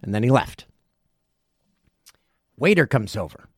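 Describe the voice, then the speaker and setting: A man in his forties, a podcast host telling a story casually, animated and profane. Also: mid-range voice, a little slow, breathy edge, no room sound, clean studio sound. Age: 40s.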